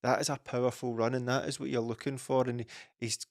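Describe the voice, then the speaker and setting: A man on a football podcast giving a measured, steady read on a defender. His pitch barely moves, staying level and even as he talks. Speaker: podcast co-host. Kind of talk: casual football podcast chat.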